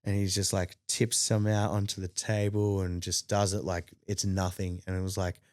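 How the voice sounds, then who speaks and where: A man with an Australian accent, a podcast guest telling a story in casual chat. He talks animatedly, jumps up in pitch to act out quotes and fills in with lots of ums. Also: normal speed, dry recording, clean studio sound. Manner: animated, acts out quotes with rising pitch, many fillers.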